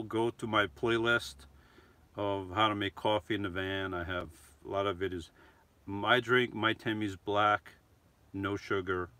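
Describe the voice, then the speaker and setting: A middle-aged vlogger chats casually on a live stream, answering viewers while rambling, restarting sentences, and correcting himself. His voice is on the low side, pushed and bright, with no echo.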